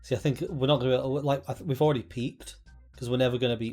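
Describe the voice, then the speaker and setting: A man joining remotely for casual comedy banter, teasing and quick to laugh. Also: mid-range voice, steady tone, a little mellow, faint music behind. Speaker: co-host on remote call.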